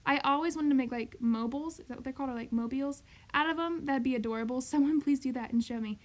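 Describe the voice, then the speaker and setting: A woman's voice: sits high, fairly even intonation, rapid-fire. A young woman doing a rambling, chatty voiceover for a crochet tutorial, full of "like" and "um". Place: home craft recording, voiceover.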